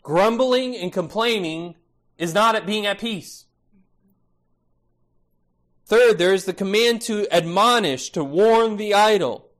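A man's voice: high-pitched, slow pace, long pauses, a bit bright. A male pastor preaching an expository sermon, emphatic and repetitive, often adding "right?".

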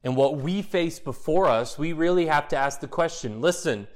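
A man's voice: fairly high pitch, normal speed. A man preaching a sermon as pastor, building to emphatic peaks and asking repeated questions.

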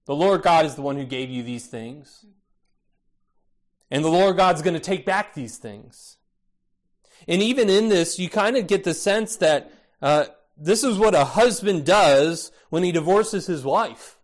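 A man preaching a sermon, expressive, asking rhetorical questions and acting out the voices he quotes. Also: fairly high pitch, a little slow. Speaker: pastor.

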